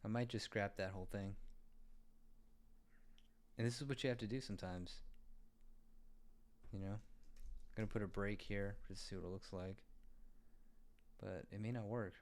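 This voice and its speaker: A man's voice: fairly low pitch, steady tone, moderate pace, long pauses, darkish tone. A man thinking aloud and muttering to himself as he designs a web page in a casual screen-recording tutorial.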